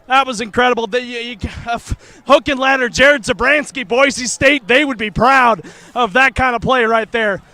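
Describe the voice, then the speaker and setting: A man reporting live from the sideline, out of breath, excited and stammering. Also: very high voice, moderate pace, dry recording.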